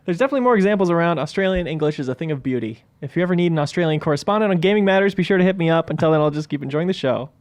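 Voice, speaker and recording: A man's voice: on the high side, lively intonation, rapid-fire, few pauses, no room sound. A man hosting a casual gaming podcast and reading listener emails aloud, laughing often. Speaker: podcast host.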